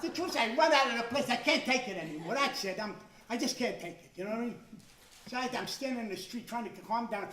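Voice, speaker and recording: Older new stand-up guy, shouts the punchlines, distant mic in a roomy club. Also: extremely high pitch, lively intonation, fast talker, slight background noise. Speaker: stand-up comedian. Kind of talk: stand-up routine. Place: club stage before a live audience. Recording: echoey room, far from the mic.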